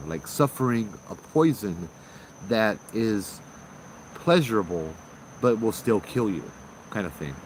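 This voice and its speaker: Brief: low-pitched man, host, rambling casual ghost-story telling, faint background noise. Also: poor audio. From Hawaii. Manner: rambling, with many restarts.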